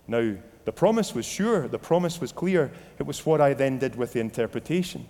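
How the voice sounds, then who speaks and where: Scottish preacher guy, earnest, slightly high voice, long echo like a big church. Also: normal speed, a little mellow. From Scotland. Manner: earnest and reflective, with quoted inner dialogue. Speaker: pastor. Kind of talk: sermon. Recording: long hall reverb.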